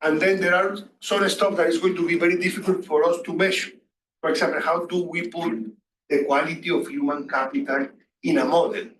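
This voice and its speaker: Male lecturer, high voice, repeats himself, roomy distant sound. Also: steady tone, a little fast, a bit bright, a little hiss or hum. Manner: questions the students, repeats phrases. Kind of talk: classroom lecture. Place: classroom. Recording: echoey distant room recording.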